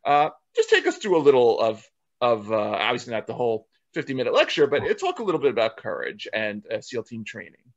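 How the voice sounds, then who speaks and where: A man's voice: mid-range voice, sing-song, brisk, gravelly. A man hosting an interview, rambling and repeating words as he leads into a question. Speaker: host. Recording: dull lo-fi sound.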